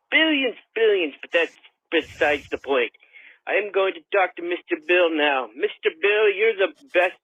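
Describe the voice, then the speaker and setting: A man doing a grandiose bragging politician, slightly high voice, phone-line sound. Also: no echo. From Canada. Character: boastful brash billionaire politician, self-praising man. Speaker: caller. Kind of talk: voicemail impression.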